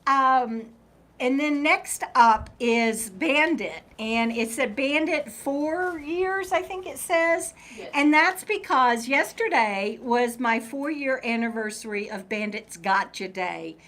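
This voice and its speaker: Chatty woman with a higher voice. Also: animated, slow, a bit bright. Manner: rambling, chatty, talks to her dog mid-sentence. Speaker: vlogger reading live chat. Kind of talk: casual live-stream chat.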